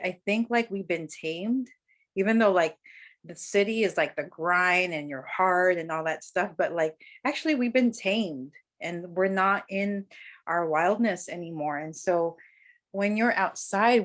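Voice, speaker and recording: A woman with a fairly low voice speaks in an easy conversational way. She sounds earnest and reflective, and she often leans on "like" as she talks. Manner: earnest, reflective, frequent "like" fillers. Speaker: guest, healer and ceremonialist. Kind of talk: casual podcast conversation.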